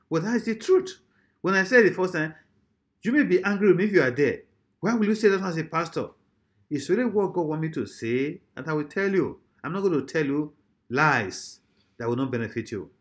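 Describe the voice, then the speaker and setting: Man, pastor, sermon, emphatic, repetitive questions, fairly high voice. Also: lively intonation, brisk.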